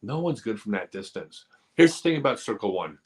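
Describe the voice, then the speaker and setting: A man's voice: lowish voice, very animated, brisk. A man hosting a live stream, answering viewer questions in a candid, earnest, casual way, sometimes joking and teasing. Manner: candid, earnest advice-giving.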